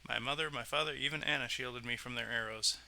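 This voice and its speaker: A man's voice: medium pitch, quick pace, gravelly, sharp tone, slight background noise. A man voicing a loving, sorrowful young princess in a video game, speaking in a pleading, earnest way. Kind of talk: reading game dialogue aloud.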